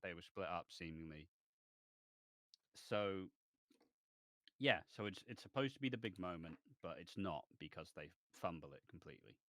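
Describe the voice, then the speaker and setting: A man's voice: deep voice, expressive, normal speed, long pauses, pushed and bright, no room sound, studio quality. A man co-hosting a podcast, rambling and hesitant in casual chat about a soap, with sudden bursts of exasperation. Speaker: podcast co-host.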